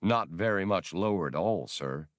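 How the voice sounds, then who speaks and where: A polite robot servant speaks in low, calm, neutral tones, as a man voices him. His delivery stays courteous and even. The sound is dry and close. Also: normal speed, dry recording.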